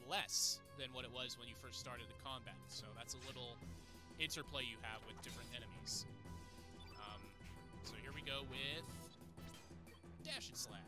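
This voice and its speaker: A man hosting a video game playthrough, chatting enthusiastically as he plays. His voice sits at a plain middle pitch. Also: steady tone, moderate pace, pauses often. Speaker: let's play host. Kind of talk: game commentary. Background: game music.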